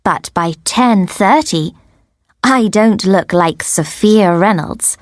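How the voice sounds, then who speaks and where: Very slow, clear woman storyteller. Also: mid-range voice, no room sound, clean studio sound. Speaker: audiobook narrator. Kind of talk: scripted narration for English learners.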